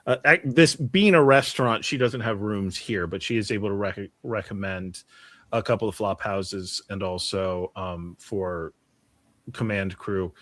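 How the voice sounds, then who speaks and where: Brief: relaxed male GM, lower voice, dry mic. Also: a little slow, no room sound. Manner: relaxed, descriptive. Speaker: game master. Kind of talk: narrating a tabletop game.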